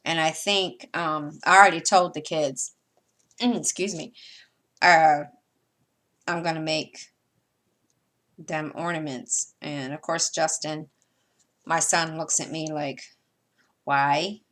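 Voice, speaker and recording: A woman's voice: deep voice, fairly even intonation, slow pace, long pauses, a bit bright. Chatty Southern American woman crafter. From United States. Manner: rambling, chatty, often trailing off with fillers. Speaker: cross-stitch vlogger. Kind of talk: casual chat while sorting floss.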